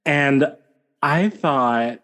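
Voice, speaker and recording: A man co-hosting a podcast in casual chat, playful and quick to laugh. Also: mid-range voice, a bit bright. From United States. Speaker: podcast co-host.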